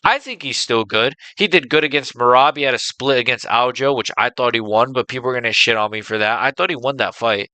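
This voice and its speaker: A young man with a bright, clear voice rants through casual reaction commentary, swearing freely and getting animated. His voice sits a little high for a man, recorded dry and close. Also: fairly quick, few pauses, no room sound, rough recording. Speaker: MMA reaction channel host.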